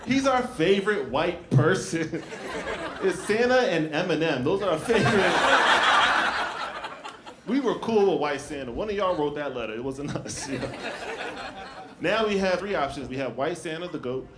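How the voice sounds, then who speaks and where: A young man performing a stand-up comedy set, telling stories with lively shifts and jumping high for quoted lines. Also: moderate pace, long pauses, very noisy. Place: comedy club stage with laughing audience. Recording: echoey club room, loud crowd laughter.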